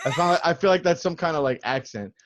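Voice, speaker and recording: A man's voice: a little high, animated, fast, a little hiss or hum. A man co-hosting a podcast in casual chat, laid-back and laughing at his own jokes. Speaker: podcast co-host.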